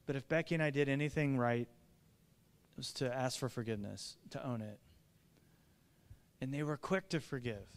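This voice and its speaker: A man's voice: medium pitch, moderate pace, long pauses, long reverb tail. A man from the Midwest preaching a sermon as a pastor, earnest and confessional, telling family stories with animation. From American Midwest.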